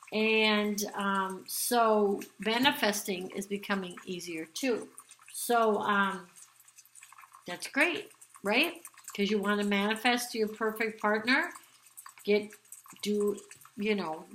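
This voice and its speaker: A woman's voice: mid-range voice, fairly bright tone, slight background noise. A woman giving a casual spoken tarot reading, rambling with many ums and restarts. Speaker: tarot card reader. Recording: echoey room.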